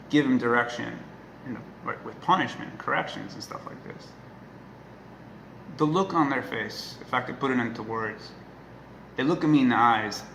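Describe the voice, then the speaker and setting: A man talking casually to the camera as a dog trainer, earnest and emphatic, often checking in with a quick "right?". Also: mid-range voice, pushed and bright. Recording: echoey room with faint noise.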